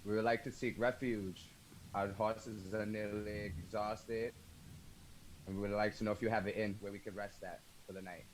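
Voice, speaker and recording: A man playing a tabletop game, speaking quietly and measured in character. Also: fairly low pitch, steady tone, background noise. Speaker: player.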